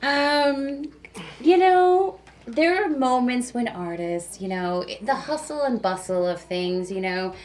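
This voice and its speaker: This woman, a radio DJ appearing as a guest, has a darkish voice on the high side and takes her time. She tells casual stories in a chatty way, full of fillers such as "like" and "you know."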